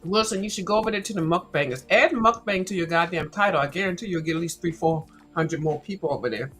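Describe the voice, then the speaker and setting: A woman's voice: lowish voice, fast, a bit bright, soft background music, poor audio. A woman hosting a casual livestream, chatting and crunching snacks into the mic, sassy and blunt and cussing freely. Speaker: livestream host. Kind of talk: casual chat while snacking.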